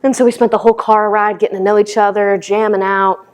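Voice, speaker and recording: A woman's voice: mid-range voice, level tone, quick pace. A woman giving a dharma talk as a meditation teacher, telling stories in a candid, conversational way.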